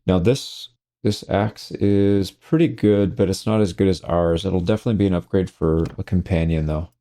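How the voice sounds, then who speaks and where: A man's voice: deep voice, moderate pace. A man giving casual, wry running commentary while he plays a strategy game. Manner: relaxed, wry running commentary on his own play. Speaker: gameplay commentator. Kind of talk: casual let's-play commentary.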